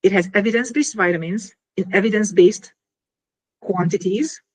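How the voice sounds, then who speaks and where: A woman in an interview explaining her invention in an animated, casual way, full of fillers and little acted-out scenes. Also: medium pitch, moderate pace.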